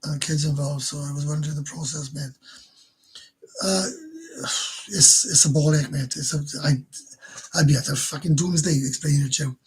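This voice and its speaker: A man's voice: fairly high pitch, steady tone, moderate pace, long pauses, husky. A man with a Welsh accent hosting a casual livestream, rambling, swearing freely and stumbling over repeated words as he answers viewers. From Wales. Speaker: livestream host.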